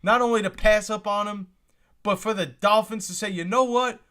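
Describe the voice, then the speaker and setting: A young man hosts a live reaction stream, full of exclamations and repeated lines. His voice sits high for a man and has a bright, forward edge. He keeps turning to talk to his chat. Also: flat delivery, normal speed. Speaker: livestream host reacting to the draft.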